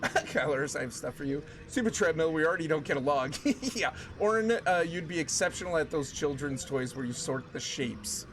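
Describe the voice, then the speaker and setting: A man's voice: on the high side, expressive, moderate pace, few pauses, fairly bright tone, a little hiss or hum. A man streaming a game and chatting casually with viewers, telling rambling stories with many restarts. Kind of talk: casual live-stream chat while gaming. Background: game music.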